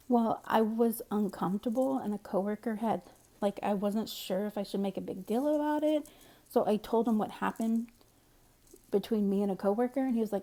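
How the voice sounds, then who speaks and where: Mellow-voiced woman telling a story. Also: a little high, normal speed, pauses often. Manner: candid, rambling, conversational. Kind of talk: casual storytime monologue.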